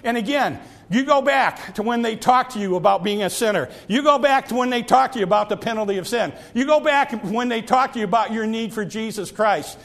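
A man preaching a sermon, repeating and stretching key phrases, sometimes sinking to a hush and sometimes rising to a cry. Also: sits high. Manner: drawn-out emphatic phrases, dropping to near whispers; repeats phrases and stumbles on restarts.

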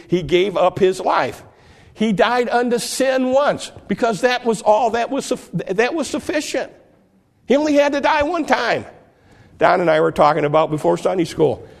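Gravelly high-voiced preacher. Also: male voice. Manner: earnest Bible teaching with frequent restarts and repeated words. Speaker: pastor. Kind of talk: sermon.

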